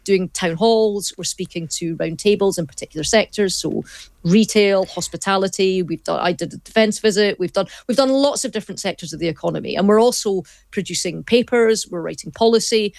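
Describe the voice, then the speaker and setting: Brisk woman politician, dry sound. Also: medium pitch, vocal fry, darkish tone, dry recording. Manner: brisk, repeats words when starting a point. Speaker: politician guest. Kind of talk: political interview answers.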